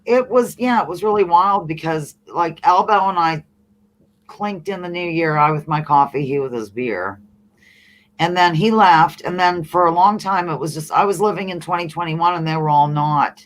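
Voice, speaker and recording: A woman from the eastern US hosting a casual livestream, reading chat comments aloud in an animated, laughing way. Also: on the low side, moderate pace, a little hiss or hum. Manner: animated, laughing, reads comments in playful voices. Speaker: livestream host.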